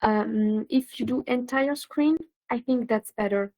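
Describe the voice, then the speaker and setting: A woman with a fairly high voice hosting a live online session over a video call. She chats casually and guides her guest helpfully, sprinkling her speech with fillers like "um" and "like". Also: a little slow, a little mellow, rough recording. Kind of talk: casual pre-show chat.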